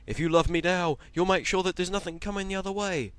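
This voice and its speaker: A man voicing a panicky, foul-mouthed male steam engine in a cartoon parody, shouting and screaming in alarm. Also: on the high side, animated, a little fast, no room sound, pitched above the performer's own voice. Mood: panicked shouting.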